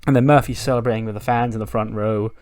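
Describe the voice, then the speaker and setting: A man's voice: fairly low pitch, steady tone, fast, a little mellow, no room sound. A man casually recapping a wrestling simulation game in a loose, chatty way, swearing offhand. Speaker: game video creator.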